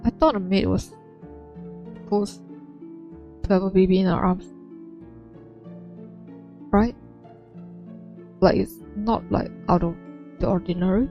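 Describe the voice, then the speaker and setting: A woman's voice: mid-range voice, steady tone, measured pace, long pauses, dull audio, soft background music. A woman chatting casually over a game she plays, musing aloud and laughing often. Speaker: game streamer. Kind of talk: casual gameplay commentary.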